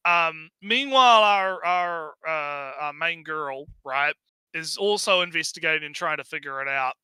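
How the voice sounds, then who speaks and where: A high, very bright man with a smooth, crisp voice recorded close and dry. He recaps a story in loose stream chat, swearing constantly and laughing as he trips over his words. His energy stays high and eager. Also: a little slow, no echo. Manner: profane, excitable, laughing, with many fillers. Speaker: co-host of a review stream. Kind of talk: casual plot recap chat.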